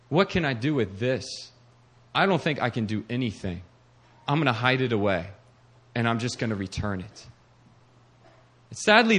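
A middle-aged man preaches with real fervor, his fairly high voice dropping to a hush before climbing into urgent, pressing appeals. He sounds like a pastor addressing his congregation. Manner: swings from hushed to fervent, builds to urgent preaching. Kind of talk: sermon.

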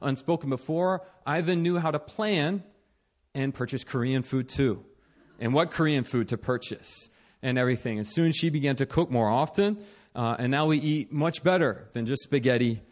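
A young man telling a personal story about his marriage in an animated, self-mocking way, with frequent restarts and chuckles. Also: medium pitch, normal speed. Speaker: speaker sharing a marriage story.

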